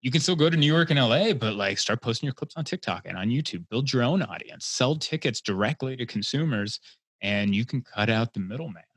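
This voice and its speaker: A man's voice: medium pitch, brisk, no room sound. Chatty comedian man, dry close sound. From Hungary. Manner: chatty storyteller, rambling with fillers, gets animated. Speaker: guest comedian. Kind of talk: casual podcast conversation.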